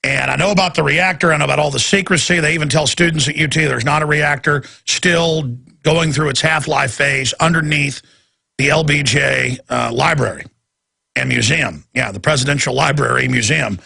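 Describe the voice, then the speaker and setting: A man's voice: a little high, moderate pace, sharp tone. A male radio talk show host delivering a heated, sarcastic political rant. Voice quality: gravelly, raspy.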